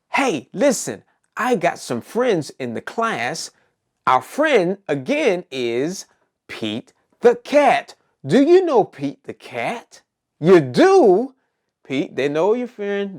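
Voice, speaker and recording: A man hosting a preschool circle time lesson, cheerfully asking young children and puppets questions. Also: a little high.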